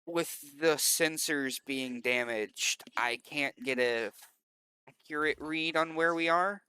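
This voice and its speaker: A man's voice: on the high side, takes it slowly, bright, forceful tone, clean tone, voice pushed up. A man putting on an Irish starship crewman. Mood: worried. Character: male ship crewman with an Irish lilt.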